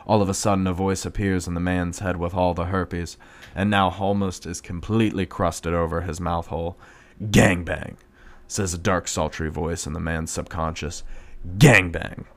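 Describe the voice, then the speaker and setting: Deep-voiced man narrating crude comedy. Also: flat delivery, moderate pace. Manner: blunt, profane, matter-of-fact. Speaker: storyteller.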